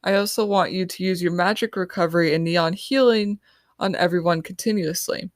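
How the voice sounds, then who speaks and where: A woman voicing a young female team leader who gives quick, quiet orders. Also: lowish voice, no echo, clean studio sound, natural voice. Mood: urgent. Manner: hushed, hurried orders.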